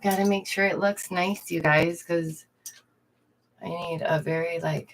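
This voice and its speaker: A woman's voice: on the low side, fairly even intonation, a little slow. A young woman, a streamer and art teacher, chatting casually to her viewers, laughing often and greeting them directly. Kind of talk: casual livestream chat. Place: indoors at home.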